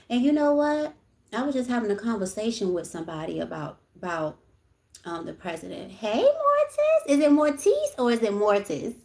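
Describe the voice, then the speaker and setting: A young woman speaking, hosting a casual livestream. She talks in a frank, chatty way, swears freely and keeps checking in with her listeners. Her voice sits at a middle pitch and rings a little in an echoey room. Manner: chatty, frank, swears freely, keeps saying "you know what I'm saying". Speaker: livestream host.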